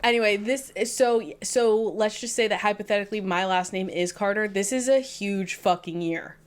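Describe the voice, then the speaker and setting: A woman's voice: mid-range voice, normal speed, clear, resonant tone. Playful woman co-host, Southern-raised. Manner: playful, joking, self-mocking. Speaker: podcast co-host. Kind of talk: casual chat.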